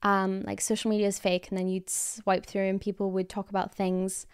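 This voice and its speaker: Chatty young Scottish woman, smooth voice. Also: mid-range voice, completely flat delivery. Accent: Scottish with an American tinge. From Scotland. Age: 20s. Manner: chatty, lots of likes, quick laughs. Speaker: podcast host. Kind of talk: casual chat.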